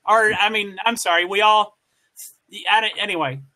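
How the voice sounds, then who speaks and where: Bright, high-voiced American man. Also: moderate pace. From United States. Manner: rambling, chatty, greets viewers. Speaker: co-host. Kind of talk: casual live-stream chat.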